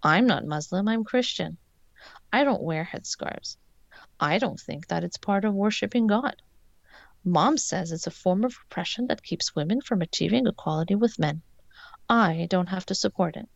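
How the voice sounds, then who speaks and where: A woman's voice: medium pitch, normal speed, vocal fry, no echo. A woman voicing a mocking, snobby schoolgirl bully as she reads a story aloud. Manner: mocking, scornful. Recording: dull lo-fi sound.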